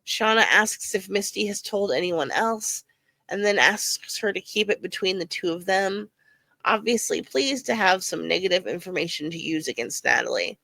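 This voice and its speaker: A woman's voice: medium pitch, normal speed, gravelly, sharp tone, dry recording. A woman podcast host reading a scripted episode recap with dry, sarcastic asides.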